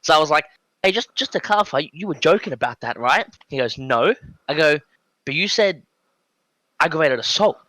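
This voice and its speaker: In a dry recording, a young man with an Australian accent speaks at normal speed in a voice on the high side. He's a guest on an easygoing podcast, telling a story animatedly, performing the dialogue with plenty of fillers.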